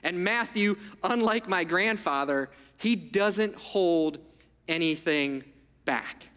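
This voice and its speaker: A man preaching in a church sanctuary, his voice high and bright as it rings through a hall with a long reverb. He keeps it conversational and checks in with the listeners often. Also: expressive, slow pace, smooth. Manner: conversational, asks the room for agreement. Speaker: pastor. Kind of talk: sermon.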